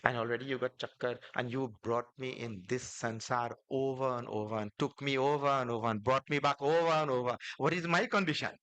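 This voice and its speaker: A man's voice: medium pitch, fairly even intonation, normal speed, long pauses, pushed and bright. A man voicing a humble, devoted boatman who pleads with rueful humor, within a sermon story.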